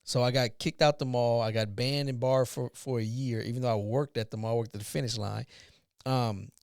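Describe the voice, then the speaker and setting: A man in his forties, hosting a podcast, telling a personal story in an animated way and acting out the dialogue. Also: medium pitch, a little fast, gravelly, clean tone, no echo, clean studio sound. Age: 40s. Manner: animated retelling, acts out dialogue. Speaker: podcast host. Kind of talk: casual storytelling chat.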